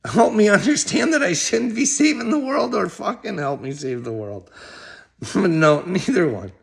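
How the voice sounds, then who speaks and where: A middle-aged man, a video blogger addressing another creator, rambles directly to camera, swearing heavily and laughing between phrases. His voice is high-pitched with lively intonation and vocal fry, and he takes his time.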